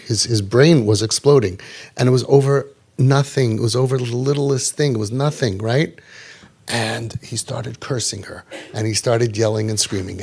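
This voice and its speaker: A man in a parenting talk to a live audience, telling a story with animated delivery, rhetorical questions to the room, and frequent repeated words and restarts. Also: medium pitch. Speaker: parenting coach.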